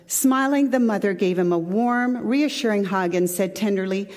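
A woman's voice: medium pitch, expressive, moderate pace, hardly any pauses, darkish tone. Woman pastor, conversational sermon, echoey church hall. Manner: conversational, chatty, with asides.

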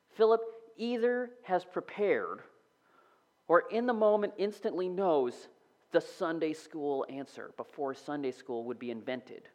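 A man giving a casual, animated sermon, sometimes dropping to a whisper. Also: high-pitched, moderate pace. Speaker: preacher. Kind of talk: conversational sermon.

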